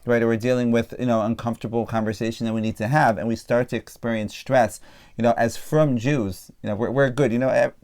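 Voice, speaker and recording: A man's voice: mid-range voice, fairly even intonation, fast, a little mellow. A man, a career coach, thinking aloud in a podcast discussion, reflective and full of fillers.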